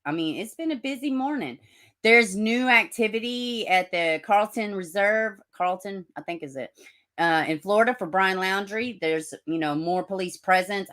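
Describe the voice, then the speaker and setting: A woman's voice: medium pitch, animated, normal speed, a bit bright. A middle-aged woman hosting a casual livestream, greeting viewers by name, swearing and laughing at herself as she tells a story. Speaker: livestream host.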